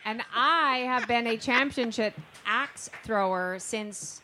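Female co-host, brightish pitch, chatty and quick to laugh. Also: slight background noise. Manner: chatty, laughing, asks questions. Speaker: show co-host. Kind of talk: casual talk-show banter.

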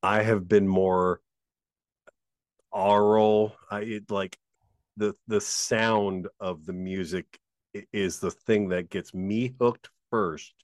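A man co-hosting a podcast in casual chat, animated and jokey, swearing casually. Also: fairly low pitch, takes it slowly, no echo, studio quality. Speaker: podcast co-host.

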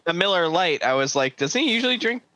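A man appearing as a guest on a podcast in casual chat, making slow, dry remarks between frequent laughs. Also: high-pitched, sing-song, pushed and bright, a little hiss or hum.

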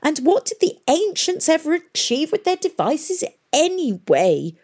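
A woman voicing a fretful old male historian in a storybook reading, with a high, quavering whine. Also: big pitch swings, a little slow. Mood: whining dismay.

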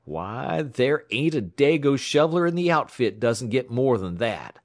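A man voicing gruff hoarse tramp robber. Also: medium pitch, sing-song, no room sound, studio quality, voice pushed up. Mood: menacing. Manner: slow, drawling threats. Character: menacing masked male tramp robber, gruff and contemptuous.

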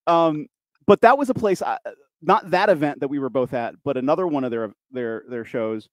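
A man's voice: fairly high pitch, normal speed, no echo, clean studio sound. A man, a wrestling commentator, chatting casually and rambling through his stories while voicing others in quotes. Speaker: podcast host, wrestling commentator. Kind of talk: casual storytelling chat.

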